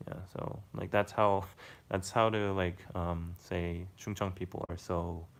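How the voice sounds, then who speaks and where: Young man, low-pitched, casual livestream chat, rambling with lots of fillers. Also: fairly even intonation, measured pace, creaky. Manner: loose, rambling, filler-heavy storytelling with laughs. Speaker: livestream host.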